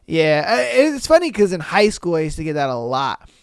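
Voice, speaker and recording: A man talks through a solo podcast in loose, slangy chat, swearing freely and breaking into laughter. His voice is clear and resonant. It sits close and dry on the mic. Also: on the high side, very animated, fairly quick, no room sound. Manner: slangy, profane, exclamatory, laughs often. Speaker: podcast host. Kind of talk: casual solo podcast commentary.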